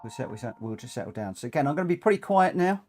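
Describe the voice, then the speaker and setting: A man's voice: mid-range voice, very animated, racing, a little mellow, faint music behind. A man chatting through a live racing game stream, rambling with frequent ums, a bit short of breath and coughing now and then. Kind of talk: live gameplay commentary.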